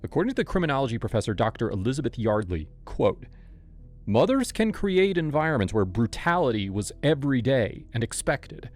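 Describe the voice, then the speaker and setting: A man narrating a scripted true-crime story in a measured, explanatory way. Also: mid-range voice, big pitch swings, faint music behind.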